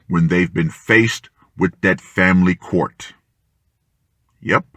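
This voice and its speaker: A man delivers a ranting commentary in a forceful, bright voice. He speaks slowly, leaning on each phrase, and his pitch swings widely. The sound is dry and close. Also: dry recording. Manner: emphatic and deliberate, punchy declarations. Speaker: online commentator.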